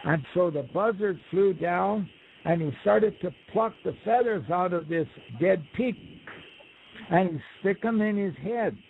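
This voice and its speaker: A man's voice: high-pitched, measured pace, vocal fry, a little hiss or hum. A man, a radio show guest, telling a folk tale in a loose, rambling way with asides. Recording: tinny phone line on radio.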